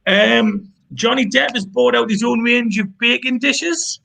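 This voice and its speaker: A man's voice: extremely high pitch, a little slow, gravelly, few pauses, pushed and bright. A man with a Geordie accent hosting a pun contest, chatty and teasing, with self-mocking banter. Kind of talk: casual banter.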